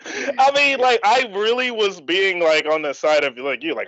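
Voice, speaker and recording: A man appearing as a guest actor in a live interview tells his story excitably and animatedly, acting out his reactions as his high voice leaps up and drops down suddenly. He keeps a measured pace, and the recording has no room sound, with the highs cut off.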